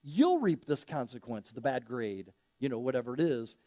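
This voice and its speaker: A man's voice: mid-range voice, big pitch swings, moderate pace, mellow, no room sound. A man preaching a casual, story-driven sermon as a pastor, acting out quoted dialogue with rising energy.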